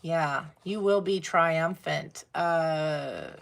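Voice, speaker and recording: A woman's voice: low-pitched, very slow, gravelly. A woman giving a casual tarot reading, blunt and swearing freely, laughing as she talks. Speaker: tarot reader.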